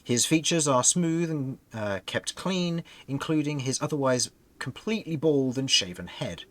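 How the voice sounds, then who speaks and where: A man's voice: medium pitch, lively intonation, measured pace. A man narrating a tabletop game as game master, describing scenes and often laughing.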